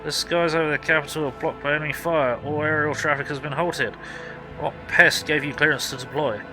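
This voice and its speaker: A man's voice: fairly high pitch, fairly even intonation, a little fast, over music, pitched above the performer's own voice, close to an everyday voice, poor audio. A man barking as a brash army sergeant. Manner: barking, militaristic. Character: brash loyal male soldier sergeant, barking orders.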